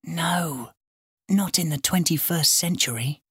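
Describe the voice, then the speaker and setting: A woman voicing an eager young island girl, raised in pitch, lively and animated, in a slow storybook reading. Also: no echo, studio quality. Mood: urgent.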